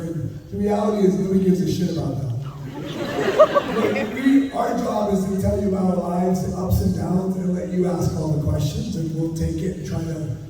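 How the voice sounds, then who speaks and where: A hoarse man with a strained, high voice cracks wry jokes from a convention stage. His voice booms back from a long, echoing hall, picked up from a distance over a busy crowd. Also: mellow, a little hiss or hum. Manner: wry, teasing. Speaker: convention panelist. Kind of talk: joking panel banter. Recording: echoey convention hall, far mic, crowd.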